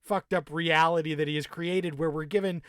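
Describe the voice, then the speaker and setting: Male podcast co-host, higher-pitched, sarcastic and profane, laughs a lot; dry recording. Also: steady tone, moderate pace, fairly bright tone, no room sound. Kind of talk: casual chat.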